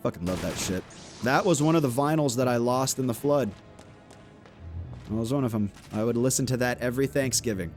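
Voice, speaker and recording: A man live-streaming a game, chatting loosely with his viewers and swearing, with sudden loud outbursts. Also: mid-range voice, fairly quick, soft background music. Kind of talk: casual live-stream chat while playing a game.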